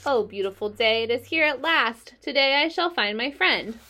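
A woman voicing an excitable young male pig who talks loud and pleads eagerly in a storybook reading. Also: a little high, moderate pace, voice pushed up. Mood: joyful.

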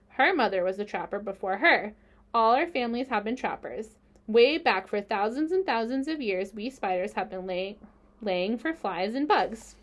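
Charlotte, a woman doing a thin-voiced clever spider. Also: a little high. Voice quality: thin and pleasant. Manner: matter-of-fact and composed. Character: clever female spider, calm and frank.

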